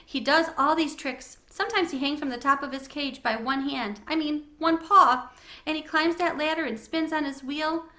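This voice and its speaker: A chatty, eager young schoolgirl from a children's storybook, read aloud by a woman. The voice sits a little high and sounds bright and clear, and she rattles on happily about her hamster. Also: moderate pace. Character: young schoolgirl, lonely big sister.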